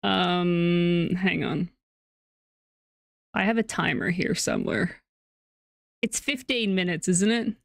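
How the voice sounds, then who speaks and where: A woman's voice: on the low side, slow, creaky, pauses often. Chatty woman streamer. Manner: chatty, talks to chat and her pet in asides. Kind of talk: casual live-stream chat.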